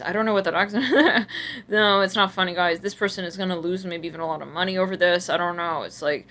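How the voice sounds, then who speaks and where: A woman runs a live tarot reading, talking straight to her viewers in a chatty, sassy, blunt way. Her voice is bright and forceful. Slang and swearing run through her talk, and laughter keeps breaking in. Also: mid-range voice, animated, fast talker. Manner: laughs a lot. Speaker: tarot reader.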